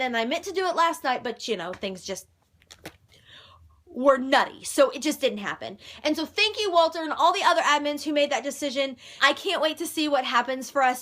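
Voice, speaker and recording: A young adult woman vlogging casually to camera, loud and bubbly, with playful swearing. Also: high voice.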